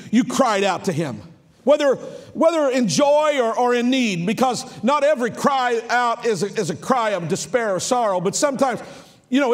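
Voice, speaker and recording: A man, a pastor, preaching a fervent sermon, repeating phrases and building to shouts. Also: sits high. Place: large church sanctuary. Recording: long church hall reverb with music behind.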